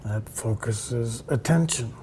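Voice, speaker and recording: A man's voice: mid-range voice, takes it slowly, mellow, slight background noise. An older man, a tennis coach and interview guest, telling stories in conversation and acting out the people in them. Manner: reflective, acts out the people in his anecdotes. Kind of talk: storytelling in a conversation.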